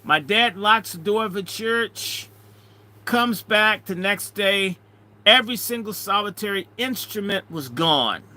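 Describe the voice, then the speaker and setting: A middle-aged man, a minister, telling a story in an animated way, swinging between loud and hushed. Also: sits high, unhurried. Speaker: minister and speaker. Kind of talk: storytelling talk.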